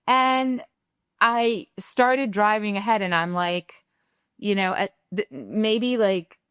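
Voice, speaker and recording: A woman's voice: medium pitch, takes it slowly, clear, resonant tone, no room sound, clean studio sound. A woman co-hosting a parenting podcast, telling a candid personal story and acting out the quoted lines as she goes. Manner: animated, acts out quoted dialogue; reflective and candid. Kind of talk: conversational storytelling.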